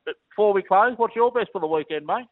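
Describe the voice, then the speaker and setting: A man's voice: sits high, expressive, fast talker, no echo. A man with an Australian accent calling in to chat about racing, talking in a chatty, matey way. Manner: chatty, matey, keeps saying mate. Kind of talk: casual phone chat. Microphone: phone. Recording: tinny phone line.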